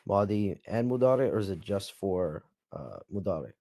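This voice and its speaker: A lowish, mellow male student puts a halting question to his teacher. The sound is dry and close, with nothing in the room. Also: animated, vocal fry, dry recording. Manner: hesitant questioning. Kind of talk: asking questions in class.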